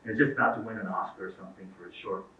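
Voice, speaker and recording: A man's voice: sits low, steady tone, racing, bright, forceful tone. A middle-aged man giving a talk to parents, telling anecdotes and acting out the dialogue in them. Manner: storytelling, acts out quoted dialogue. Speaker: guest speaker. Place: event hall. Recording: echoey, distant, phone-like lo-fi sound.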